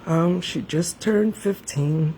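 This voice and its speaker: A middle-aged woman speaks on a phone live stream from her home in a low, gravelly voice, struggling to hold back tears. She keeps breaking off to address her viewers. A running fan fills the background with a steady noisy hum. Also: slow. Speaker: livestreamer.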